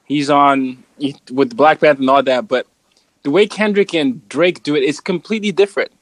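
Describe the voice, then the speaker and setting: A man's voice: on the high side, normal speed, no echo, rough recording. A man chatting casually in a laid-back way, often restarting his sentences. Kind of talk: casual chat.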